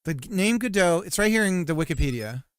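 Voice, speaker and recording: A man's voice: sits high, animated, quick pace, clear, resonant tone, no room sound, studio quality. A man game developer livestreaming, chatting casually while coding, rambling and self-mocking with frequent laughs.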